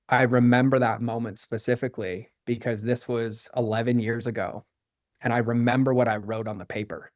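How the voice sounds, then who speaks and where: A man speaking as a podcast guest, telling a personal story in a candid, animated way and acting out the dialogue he quotes. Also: medium pitch, dry recording, studio quality. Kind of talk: storytelling in conversation.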